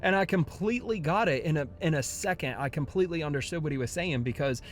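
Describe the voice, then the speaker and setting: In a personal devotional vlog, a young father and Christian vlogger speaks fast in a slightly high voice about his faith. He sounds earnest and heartfelt, frequently restarting sentences, over a little background hiss or hum.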